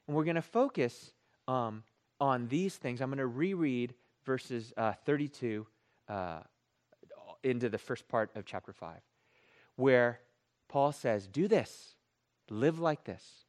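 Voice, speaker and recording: Animated pastor man preaching casually. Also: medium pitch, slow, long pauses. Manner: conversational, self-deprecating, jokey with the congregation; emphatic, repeats key phrases. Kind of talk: sermon.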